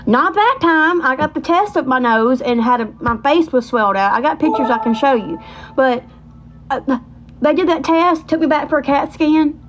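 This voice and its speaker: Chatty high-voiced woman, lo-fi. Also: normal speed, faint music behind. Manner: chatty, animated, rambling with Southern colloquialisms. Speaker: livestream host. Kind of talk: casual livestream storytelling.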